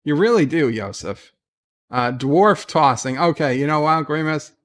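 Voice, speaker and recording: A man's voice: a little high, lively intonation, measured pace. A man hosting a casual livestream from bed at home, reading viewer comments aloud and chatting about them with frequent fillers and restarts. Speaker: livestream host.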